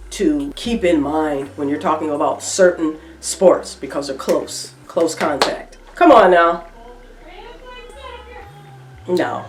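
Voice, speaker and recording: A woman's voice: on the low side, a bit bright, distant mic. A middle-aged woman giving emphatic, repetitive opinion commentary in a reaction vlog, with features. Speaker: reaction vlogger. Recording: echoey room, voice off-mic.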